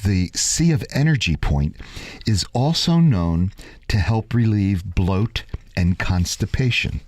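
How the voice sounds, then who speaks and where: A man's voice: fairly low pitch, takes it slowly, no echo. A man hosting a radio show, casually chatting and telling a long joke. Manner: storytelling, lively delivery. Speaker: radio host.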